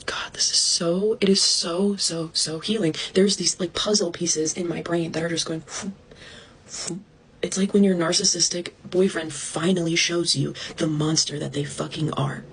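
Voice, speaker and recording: A young woman ranting to her followers about online drama, indignant, fast-talking and swearing, mocking others in a higher voice. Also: steady tone, a little hiss or hum, rough recording.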